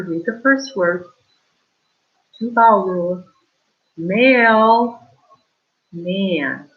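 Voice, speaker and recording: A woman with a medium-pitched voice teaches a kindergarten reading lesson remotely, reading slowly with exaggerated stress and prompting the children with questions. The audio is dull, lo-fi online class sound.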